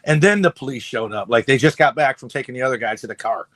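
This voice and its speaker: A man co-hosting a casual podcast, retelling movie scenes in a loose, profane, animated way. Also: mid-range voice, fast, no echo. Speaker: podcast co-host. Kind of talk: casual chat.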